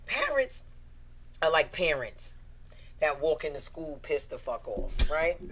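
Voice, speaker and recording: A woman comedian on a podcast, chatting casually, swearing often and acting out quotes loudly. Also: sits low, very animated, takes it slowly, a little hiss or hum, poor audio. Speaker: comedian guest.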